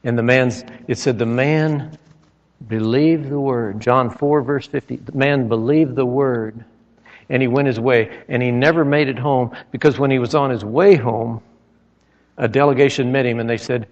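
A man's voice: mid-range voice, fairly even intonation, moderate pace. A man preaching a sermon, telling stories with dramatic retellings and emphatic outbursts. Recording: echoey hall, dull lo-fi sound.

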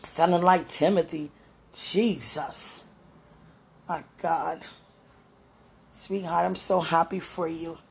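A woman giving a fervent, emotional prayer and encouragement talk in a gravelly, sometimes hoarse voice, recorded at home. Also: lowish voice, steady tone, slow pace, long pauses. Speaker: spiritual vlogger.

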